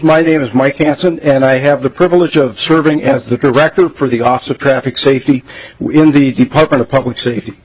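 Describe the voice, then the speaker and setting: Husky-voiced man giving formal testimony. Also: mid-range voice, a little mellow, rough recording. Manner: measured, formal, with frequent uh fillers. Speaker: state traffic safety director testifying.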